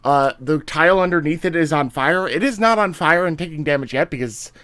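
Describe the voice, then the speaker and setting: A man acting as game master, narrating and making rulings in a relaxed way, thinking aloud with fillers as he goes. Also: a little high, a little fast, smooth, dry recording.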